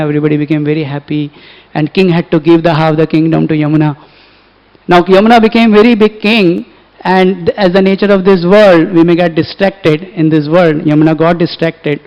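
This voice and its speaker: An Indian English-accented man delivers a sermon full of stories in a temple hall, vividly performing each character's lines. His pitch is fairly high and his tone darkish, heard through an echoey, dull lo-fi recording.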